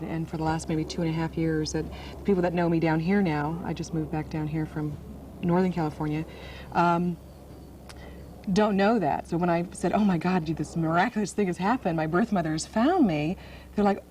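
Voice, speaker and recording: A young woman answers interview questions plainly and candidly, her voice fairly low for a woman. She sits some distance from the microphone. Clear background noise hangs under her speech throughout. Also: darkish tone. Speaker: interviewee, adopted daughter.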